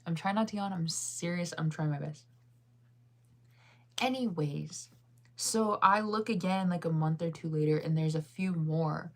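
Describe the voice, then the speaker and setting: Sleepy thirties lady rambling on, like, every other word, kinda low voice. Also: a little slow. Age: 30s. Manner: rambling, heavy use of "like". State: tired and yawning. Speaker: vlogger reading live chat. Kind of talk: casual chat.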